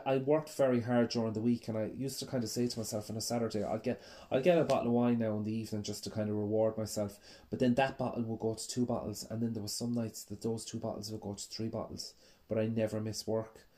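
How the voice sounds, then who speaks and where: Candid Irish man, mellow voice. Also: medium pitch. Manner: candid and reflective, with frequent hesitations. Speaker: storyteller. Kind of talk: personal storytelling.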